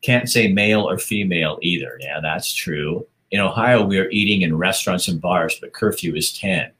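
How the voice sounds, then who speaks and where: A man's voice: sits low, normal speed, bright, forceful tone. A man casually hosting a livestream, reading viewer comments aloud, chatting and laughing often. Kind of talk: casual live-stream chat.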